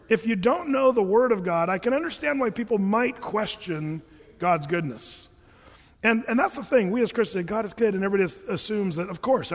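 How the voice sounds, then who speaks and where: A man preaching a sermon as a pastor, chatty and animated, sometimes chanting scripture lines. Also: high-pitched. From Oregon. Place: church hall. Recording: reverberant church hall.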